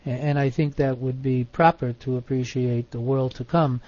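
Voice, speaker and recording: Mellow-voiced man leading a Bible study. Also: medium pitch, steady tone, dry recording, highs cut off. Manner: measured, emphatic on single words, many fillers. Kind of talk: teaching in an online Bible study.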